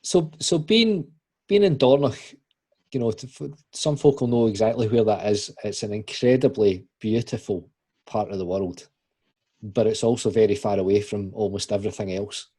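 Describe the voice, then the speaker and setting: A man's voice: lowish voice, normal speed, warm tone, breathy edge. A man hosting a casual church podcast, asking rambling questions with many restarts. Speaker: podcast host.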